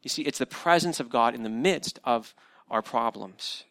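A man's voice: mid-range voice, normal speed, a bit bright, no room sound. A man preaching a sermon as pastor, earnest and coaching, often restarting with repeated words. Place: church sanctuary.

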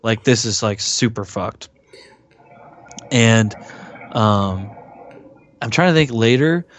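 A man's voice: lowish voice, lively intonation, slow, slight background noise. A man co-hosting a podcast, casually recapping a horror movie, rambling with lots of fillers and swearing, often acting out lines from the film. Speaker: podcast co-host.

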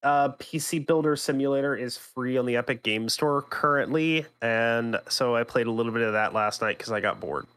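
A man's voice: mid-range voice, normal speed, few pauses, fairly bright tone, smooth. A man co-hosting a gaming podcast in casual chat, teasing and rambling with frequent restarts. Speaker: podcast co-host.

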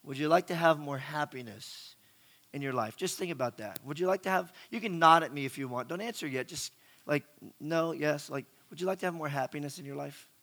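A middle-aged man preaches a sermon in a chatty way, asking the audience questions and often repeating words. His voice is on the high side, fairly quick, and a bit bright.

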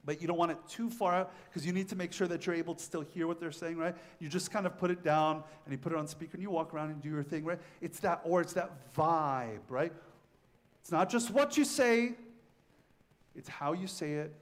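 A man's voice: on the high side, steady tone, quick pace, few pauses. A middle-aged man, a priest, giving a conversational sermon and telling stories with shifting emphasis. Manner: conversational, storytelling with varied emphasis.

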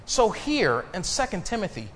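Animated male preacher in a reverberant church. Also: high voice. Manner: preaching with rising emphasis and call-and-response pauses. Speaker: pastor. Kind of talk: sermon. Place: church sanctuary.

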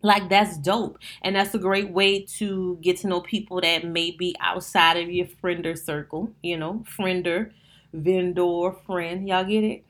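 A woman's voice: lowish voice, moderate pace, few pauses. Chatty New Orleans woman, podcast host. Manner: chatty, animated, talks straight to listeners with "y'all". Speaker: wedding planner and podcast host. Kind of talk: casual solo podcast monologue.

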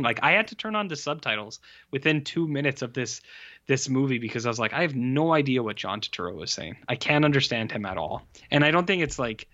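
A man's voice: medium pitch, lively intonation, a little fast, pushed and bright, dull audio. A man in a casual movie review chat, rambling and swearing, with lots of filler words. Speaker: podcast co-host.

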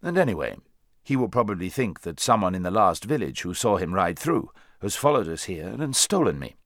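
A man's voice: low voice, sing-song, brisk, fairly bright tone, no room sound, studio quality, exaggerated voice. A man voicing a proud, brusque talking male war horse with a commanding, contemptuous manner. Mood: brisk.

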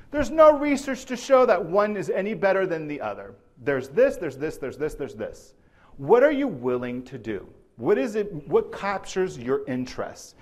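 A man giving a live lecture to healthcare providers, animated and often checking in with the audience by asking "right?". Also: a little high. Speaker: presenter at a clinical training.

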